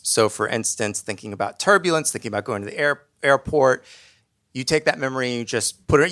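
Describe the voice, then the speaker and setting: A man telling a funny personal story on stage in a lively, self-deprecating way. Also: mid-range voice.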